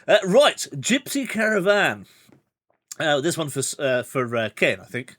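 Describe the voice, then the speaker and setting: A man's voice: on the high side, sing-song, normal speed, fairly bright tone, a little hiss or hum. A man playing through a gamebook on a livestream, chatty and rambling with side remarks and chuckles. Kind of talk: casual livestream gamebook playthrough.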